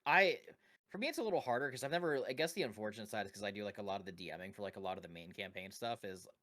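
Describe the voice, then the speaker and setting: A man's voice: fairly low pitch, rapid-fire, a bit bright. Laughing, profane podcast co-host man. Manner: loose and profane, laughing often, rambling with restarts. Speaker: podcast co-host and dungeon master. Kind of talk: casual podcast chat.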